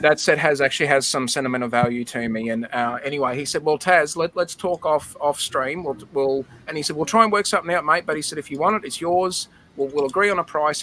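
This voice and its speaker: A man's voice: medium pitch, a bit bright, a little hiss or hum, low-quality recording. A middle-aged Australian man on a video call, telling a nostalgic, emotional story in a chatty way with lots of fillers. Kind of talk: casual storytelling.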